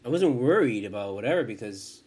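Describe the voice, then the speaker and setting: A man's voice: medium pitch, lively intonation, fairly quick, a little mellow, breathy edge. A man in his forties hosting a podcast, chatting in a casual, rambling way, swearing often and cutting himself off mid-thought. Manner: profane, rambling, self-interrupting. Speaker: podcast host.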